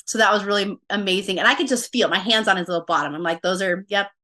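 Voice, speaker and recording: Animated woman telling her story. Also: mid-range voice, fast. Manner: animated, quotes her own thoughts, many fillers. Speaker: podcast guest. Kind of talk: casual storytelling.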